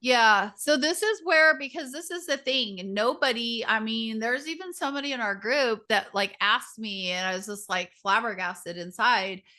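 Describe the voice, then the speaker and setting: A woman's voice: on the high side, moderate pace, few pauses, bright, forceful tone. A woman leading a community group on a video call, talking casually and animatedly, often mimicking other people's voices.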